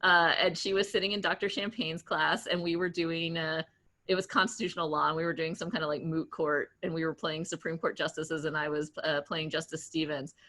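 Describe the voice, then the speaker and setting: Bright, chatty woman telling stories. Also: deep voice, brisk. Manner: animated, chatty, laughs often, many restarts and fillers. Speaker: guest entrepreneur. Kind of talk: casual interview storytelling.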